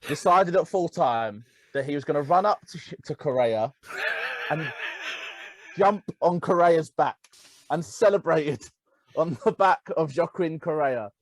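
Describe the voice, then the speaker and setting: A man's voice: fairly high pitch, measured pace, no echo, rough recording. A man co-hosting a casual football podcast, telling stories animatedly. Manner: animated storytelling, laughing. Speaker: podcast co-host.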